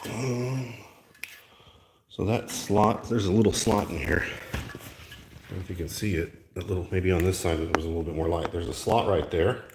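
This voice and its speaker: A lowish-voiced man chats his way through a furniture build, tossing wry jokes to the viewers as he works. He drifts toward and away from a camera mic in an echoey room. Faint noise and the click of parts sit under his voice. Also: moderate pace, pauses often. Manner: chatty, jokey asides to viewers while working. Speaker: maker and video host. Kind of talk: casual running talk while assembling.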